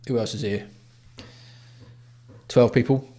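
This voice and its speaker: A man's voice: mid-range voice, fairly even intonation, slow, dark tone. A man from England hosting a casual livestream, greeting viewers by name with blunt, sweary banter. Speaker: livestream host.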